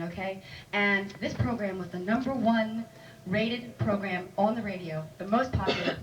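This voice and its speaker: A woman's voice: mid-range voice, fairly bright tone. A woman telling a joke on stage in a chatty, self-deprecating way. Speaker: stand-up comedian. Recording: distant mic, faint noise.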